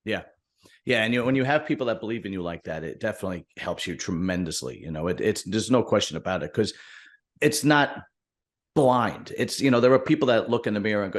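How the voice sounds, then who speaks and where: A man's voice: lowish voice, lively intonation, fairly quick. A man hosting an interview, talking in an encouraging way. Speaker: host. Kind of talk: casual interview.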